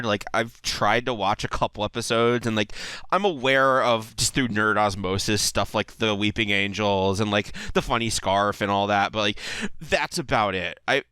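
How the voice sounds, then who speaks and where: Bright, chuckling man. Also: mid-range voice, smooth, no room sound. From United States. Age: 30s. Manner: rambling and enthusiastic, lots of "like" and chuckles. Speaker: video commentator. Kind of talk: casual video commentary.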